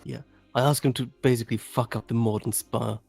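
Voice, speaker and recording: A man's voice: medium pitch, steady tone, brisk, gravelly, darkish tone, slightly rough, no echo. A man playing a tabletop game, casual, stammering, and swearing. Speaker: player.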